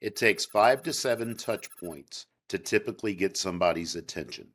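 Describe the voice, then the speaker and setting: A man's voice: deep voice, normal speed, fairly bright tone, husky. An older man who is a sales coach, answering interview questions in an emphatic, coaching way with punchy phrases.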